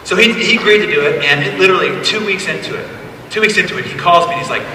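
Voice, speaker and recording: Man in his forties, keynote speaker, bright forceful voice, animated storytelling, echoey hall taped from afar. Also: high voice, rapid-fire, distant mic, a little hiss or hum. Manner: animated, conversational storytelling with emphatic asides. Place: large event hall, live on stage.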